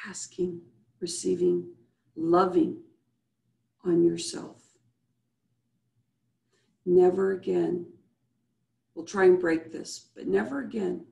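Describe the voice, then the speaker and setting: A woman's voice: on the low side, creaky, warm tone, echoey room. A woman hosting a live video-call show as a business coach, leading listeners through breathing and asking repeated rhetorical questions. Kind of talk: motivational show wrap-up with guided breathing.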